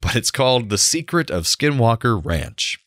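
A young adult man, co-hosting a casual podcast chat as an animated storyteller who laughs often. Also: mid-range voice, moderate pace, dry recording, studio quality. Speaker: podcast co-host.

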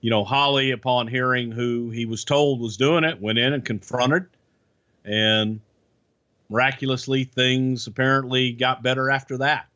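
A man's voice: mid-range voice, steady tone, moderate pace, pushed and bright. Rambling male guest on a dull lo-fi line. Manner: rambling, many fillers. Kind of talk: casual chat, anecdotes.

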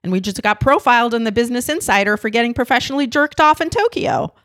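A woman who is a comedian, guesting on a podcast and telling deadpan jokes in casual chat. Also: on the high side, fast talker, dry recording, studio quality.

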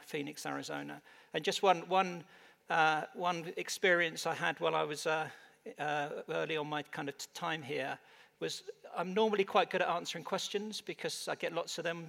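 A man's voice: fairly high pitch, vocal fry, bright, forceful tone. A man with an English accent, speaking on a conference panel, hesitant with many fillers and restarts. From United Kingdom. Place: conference stage. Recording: reverberant hall on stage mic.

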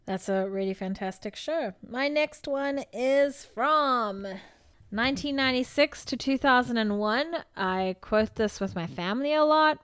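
A woman's voice: a little high, measured pace, a bit bright, clean tone, no echo, clean studio sound. A woman co-hosting a podcast, chatting casually and laughing as she retells things. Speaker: podcast co-host. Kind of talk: casual chat.

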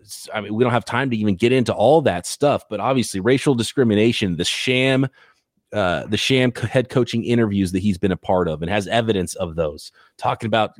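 A man hosting a casual sports podcast, thinking out loud in long speculative runs full of restarts. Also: on the low side, fairly quick, dry recording, studio quality. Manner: rambling, speculative, many restarts. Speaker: podcast host.

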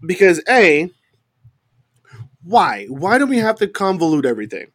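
A man on a wrestling podcast, venting with exasperation about the show's booking. His voice sits a bit high for a man and moves a lot, and it is recorded dry and up close. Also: very animated, moderate pace, a bit bright, no echo. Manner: exasperated ranting critic. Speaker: podcast co-host. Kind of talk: casual wrestling opinion chat.

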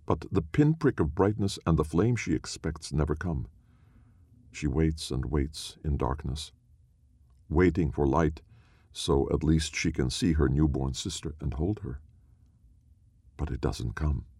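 A man narrating a story in a slow, measured, solemn reading. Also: rumbling low, a little mellow, slightly rough, no echo, clean studio sound.

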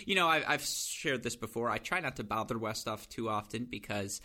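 A young man hosting a casual podcast chat, an animated storyteller. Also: fairly low pitch, brisk. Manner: animated storyteller, acts out quoted voices. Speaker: podcast host.

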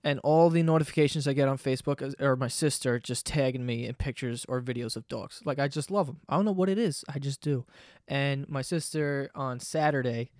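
A young man hosting a podcast, ranting in a casual, animated and profane way. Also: medium pitch, fairly quick, no room sound, studio quality. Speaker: podcast host. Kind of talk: casual monologue rant.

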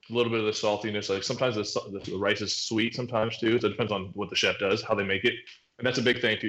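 Appearing as a podcast guest, a man in his thirties who pitches professionally in baseball rambles easily through a casual chat, leaning on lots of fillers. He speaks at a fairly low, slightly bright pitch, and the recording has a roomy echo.

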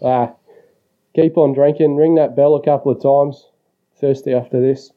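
A man's voice: mid-range voice, fairly even intonation, moderate pace. An Australian man leaving a crude, teasing voicemail rant for a podcast, full of swearing. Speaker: voicemail caller. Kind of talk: rowdy profane voicemail rant. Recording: muffled voicemail audio.

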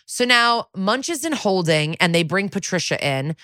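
A young woman co-hosting a podcast, casually recapping a TV episode, swearing freely and snapping into quick voices for the characters. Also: medium pitch, lively intonation, sharp tone, dry recording, studio quality. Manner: chatty, profane, acts out quotes in quick voices. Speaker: podcast co-host.

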